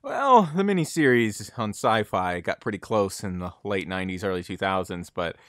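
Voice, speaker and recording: A man with a very low voice rambles through a casual podcast chat about movies, hopping between tangents. His voice is recorded close and dry, with no room sound. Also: lively intonation, moderate pace, fairly bright tone, dry recording. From United States. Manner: rambling, chatty, digressive. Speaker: podcast co-host.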